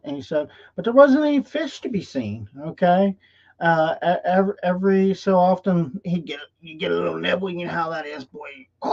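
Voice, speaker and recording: A man's voice: on the high side, a little mellow. A male host tells a folksy motivational story in a live stream, often checking in with "okay?", recorded in dull lo-fi livestream audio.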